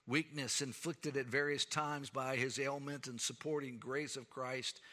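A man's voice: mid-range voice, bright, forceful tone. A middle-aged man preaching a sermon in an earnest, emphatic way. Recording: long reverb of a large hall.

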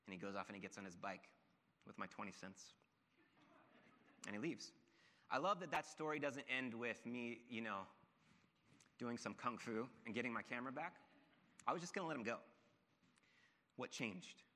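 A man preaching a sermon, telling a personal story in an animated way and acting out the voices of the people in it. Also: medium pitch, a little fast. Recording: long reverb of a large hall.

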